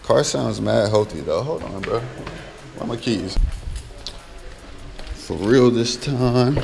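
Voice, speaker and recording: A man's voice: medium pitch, animated, takes it slowly, gravelly, pauses often, over music. A young man casually explaining a car repair in his garage, laid-back and slangy, with plenty of fillers. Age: young adult. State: losing his voice, coughing. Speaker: car vlogger. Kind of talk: casual how-to vlog.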